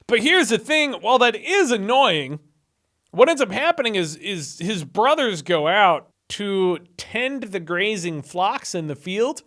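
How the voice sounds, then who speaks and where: A man's voice: high-pitched, very animated, a little slow, fairly bright tone. A young man hosting a video, casually retelling Bible stories with irreverent, sarcastic asides. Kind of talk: casual commentary.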